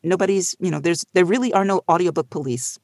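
A middle-aged audiobook narrator speaks casually on a panel, telling animated stories and laughing often. The voice is mid-range and fast, with no echo.

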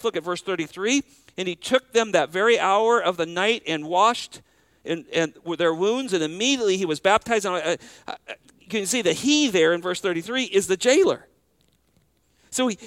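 A man preaching a sermon as pastor, slowing down to stress key phrases and repeating words as he restarts. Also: high-pitched, a bit bright, no room sound.

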